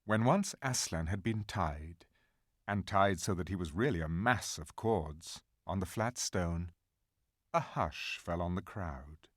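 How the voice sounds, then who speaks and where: A man narrating a fantasy audiobook in a measured, dramatic storytelling manner. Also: low voice, animated, dry recording, clean studio sound.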